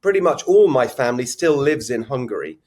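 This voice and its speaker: A man's voice: mid-range voice, sing-song, brisk, a little mellow. A middle-aged man from England with an English accent, speaking as a guest in a conversational interview, reflective and chatty with frequent restarts. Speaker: political guest.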